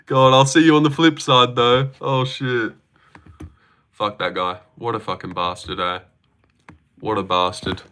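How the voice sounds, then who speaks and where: A man's voice: medium pitch, steady tone, measured pace, long pauses, fairly bright tone, a little hiss or hum. A man hosting a casual livestream, rambling and swearing freely while reading out and answering chat messages. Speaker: livestream host reacting to fights.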